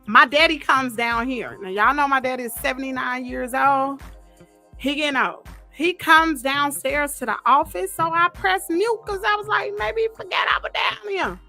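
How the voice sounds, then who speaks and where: Hosting a casual livestream from the downstairs office of her home, in front of a green screen, a woman tells a story in an animated, gossipy Southern style. She coughs from bug spray fumes. Her voice is high-pitched at normal speed, with faint music behind.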